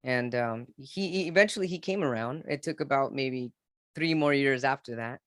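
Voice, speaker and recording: Male guest in his forties, mid-pitched, earnest and halting as he tells his story, recorded dry. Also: fairly bright tone, no echo. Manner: earnest, halting, with frequent restarts and repeats. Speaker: podcast guest. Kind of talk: candid personal storytelling in an interview.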